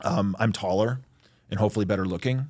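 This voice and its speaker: Chatty forties lawyer guest, slightly low voice, rambling and self-mocking. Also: male voice, fast, darkish tone. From Michigan, USA. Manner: chatty, self-deprecating, lots of fillers. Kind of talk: casual interview chat.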